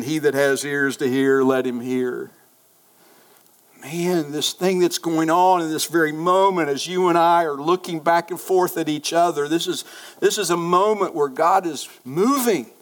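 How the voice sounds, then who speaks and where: A man preaching a sermon as pastor, fervent in prayer, swinging between loud pleading and hushed, storytelling asides. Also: on the high side. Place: church sanctuary.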